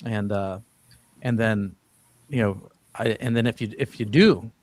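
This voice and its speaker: A man's voice: lowish voice, unhurried, no echo. A man hosting a casual live-stream panel, talking loosely with frequent restarts. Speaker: host of a diet livestream panel.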